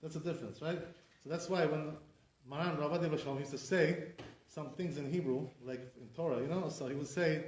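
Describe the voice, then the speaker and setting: A man's voice: on the high side, steady tone, fairly quick, darkish tone. A man, a rabbi, teaching an informal class to students, explaining step by step, checking in with listeners and saying sounds aloud to demonstrate them. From Sephardi community. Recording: echoey room.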